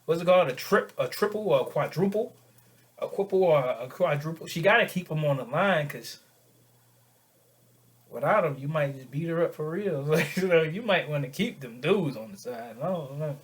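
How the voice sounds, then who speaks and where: A man's voice: a little high, normal speed. Slangy young man rambling through a story. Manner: slangy, rambling, animated retelling. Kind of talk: casual storytelling.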